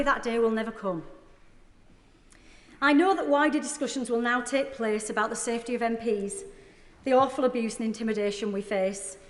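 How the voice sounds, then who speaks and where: Solemn woman in a reverberant chamber. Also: fairly high pitch. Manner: measured, solemn delivery. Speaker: member of parliament. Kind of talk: tribute speech in parliament. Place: parliamentary chamber. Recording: echoey hall with long reverb.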